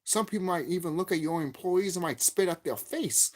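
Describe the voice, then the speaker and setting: A man giving a profane, angry vlog rant about a game, repeating himself and cursing. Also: brisk. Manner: angry, profane, repetitive ranting; lively swinging pitch, gets loud and high when worked up. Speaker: YouTube game commentator. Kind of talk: ranting vlog commentary.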